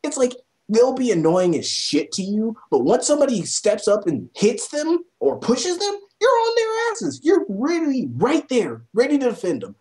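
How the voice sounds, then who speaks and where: Young woman going off about a movie, cusses nonstop, kinda high voice, all over the place. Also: wildly swooping pitch, moderate pace. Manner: exasperated, swears constantly, rising to near shouts. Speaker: vlogger ranting about a film. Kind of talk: profane rant.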